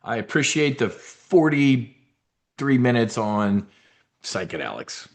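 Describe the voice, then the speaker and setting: A man talks in a fast, rambling live-stream rant, blunt and a little profane. He stumbles and restarts mid-thought, and his mid-range voice jumps up and down a lot. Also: medium pitch, sing-song. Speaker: host of a trading and market show.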